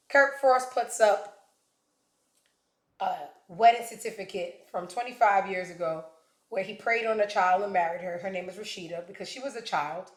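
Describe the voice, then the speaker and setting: A woman's voice: mid-range voice, normal speed, soft background music. A woman hosting a commentary show, talking bluntly and sarcastically with plenty of profanity. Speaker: show host. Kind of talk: casual commentary. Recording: echoey room.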